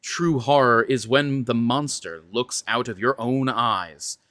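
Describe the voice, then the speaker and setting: Guy reading a horror book out loud, mid pitch, chatty asides, dry close sound. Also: takes it slowly, dry recording. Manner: chatty, stumbling asides between earnest reading. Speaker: reader narrating a fantasy horror novel.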